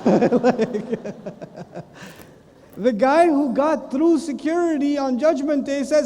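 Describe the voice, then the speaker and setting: American male lecturer, high voice, mellow tone, lively storyteller acting out voices, hall reverb. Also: slow, long pauses. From United States. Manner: animated storytelling with acted voices and laughter. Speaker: Islamic lecturer. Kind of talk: religious lecture.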